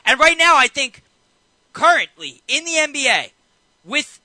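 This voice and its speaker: Emphatic high-voiced man, dry and bright. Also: measured pace, no echo, rough recording. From New York. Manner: animated, emphatic, repeats himself. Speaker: co-host. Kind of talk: casual sports debate.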